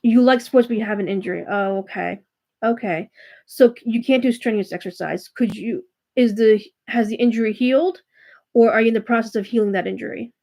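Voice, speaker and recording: A woman giving a live tarot reading, speaking gently and reassuringly to a viewer, with frequent fillers and restarts. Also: on the high side, brisk, creaky. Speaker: tarot reader and spiritual coach hosting a live reading. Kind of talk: live-stream chat with viewers.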